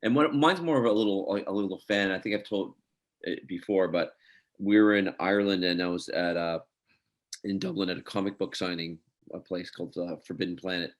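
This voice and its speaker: A man, an actor guest, telling a lively anecdote on a video call and acting out the people in it. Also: low voice, brisk. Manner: animated storyteller, acts out voices in his anecdote.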